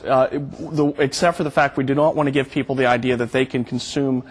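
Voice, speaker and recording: A man's voice: mid-range voice, little pitch movement, a little fast, breathy edge. A man appearing as a guest on a TV show, earnestly explaining a product in interview answers. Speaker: product spokesman, studio guest.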